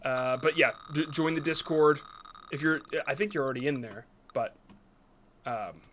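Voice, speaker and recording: A man's voice: on the high side, moderate pace, a bit bright, slight background noise. A man hosting a live stream, reviewing viewers' short videos in casual commentary that is hesitant and apologetic, with many restarts.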